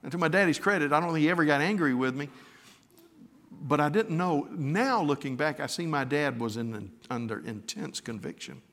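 A man's voice: a little high, lively intonation, moderate pace, a bit bright. An older male preacher delivering a sermon, telling a heartfelt personal story and rising into fervent exhortation. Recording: reverberant hall.

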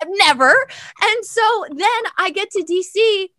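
Young woman, high pitched, bright, sassy storyteller, casual chat, dry sound. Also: a little slow, dry recording. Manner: animated, sassy, lots of fillers and quoted voices. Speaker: guest telling a story.

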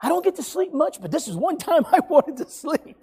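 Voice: high voice, very animated, fairly quick, darkish tone, voice pushed up. A preacher acting out an annoyed, freshly woken man. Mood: exasperated. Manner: scolding and exasperated. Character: weary, irritated man just woken from sleep.

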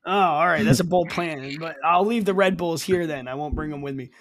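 A young man co-hosting a podcast, chatting casually and rambling, often acting out quotes. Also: a little high. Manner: rambling, animated, quick to act out quotes. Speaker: podcast co-host. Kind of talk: casual chat. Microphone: studio mic, dry booth.

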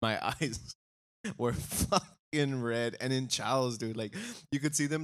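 A man co-hosting a casual podcast, his voice at an ordinary middle pitch. He teases his co-host in a laid-back way, laughs often, and swears without a second thought. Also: takes it slowly, fairly bright tone, clean tone.

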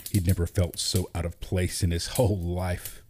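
Deep, husky man reading a story. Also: level tone, normal speed, darkish tone. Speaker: narrator. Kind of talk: storybook narration.

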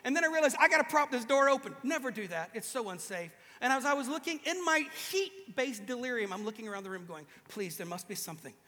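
A man with a very high, bright voice delivers a lively, joking sermon. He acts out little voices as he goes. The sound carries a long hall reverb from a large room. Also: fast talker, few pauses. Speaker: preacher. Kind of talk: humorous sermon to a live audience.

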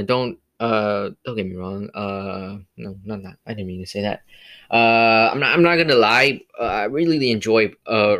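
A man's voice: lowish voice, fairly bright tone. Rambling male podcast host. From California. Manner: rambling, many fillers and restarts. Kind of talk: casual solo movie review podcast.

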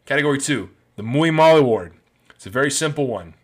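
A man talks through favorite film scenes in a loose, rambling way, full of enthusiasm. His voice sits at an ordinary, mid-range pitch for a man. It sounds like casual, unscripted movie commentary. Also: expressive, brisk, breathy edge. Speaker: film reviewer.

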